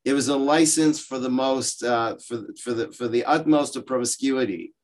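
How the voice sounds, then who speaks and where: A man teaching a religious class over a video call. He tells stories with lively asides and voices the people in them. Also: mid-range voice, moderate pace. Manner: lively storytelling, explaining with asides and quoted voices. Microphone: video call microphone.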